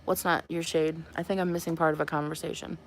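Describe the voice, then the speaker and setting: A woman with a slightly low voice hosts a makeup live stream. She talks in a loose, chatty way and laughs often as she reads comments from her viewers. Her voice comes through a webcam mic. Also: little pitch movement, fast, a little hiss or hum. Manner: chatty and giggly, reads and answers the chat. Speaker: makeup livestream host.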